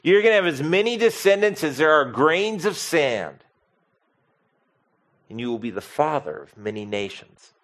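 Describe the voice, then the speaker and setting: A man preaching a sermon as pastor, expressive, swinging from soft to loud and asking the congregation questions. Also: fairly high pitch, moderate pace.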